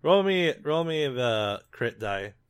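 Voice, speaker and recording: A man acting as game master, calmly making rulings and narrating a tabletop game. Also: medium pitch, takes it slowly, smooth.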